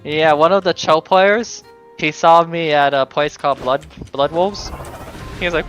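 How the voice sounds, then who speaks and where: A man's voice: fairly high pitch, fairly even intonation, measured pace, a bit bright, soft background music. A man streaming, chatting casually and explaining game tactics, swearing now and then. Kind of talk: casual chat while gaming.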